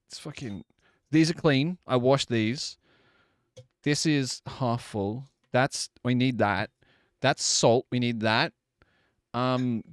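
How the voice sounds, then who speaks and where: A man's voice: mid-range voice, no echo, clean studio sound. A man live-streaming from his desk at home, chatting casually, joking, laughing and swearing while he bakes.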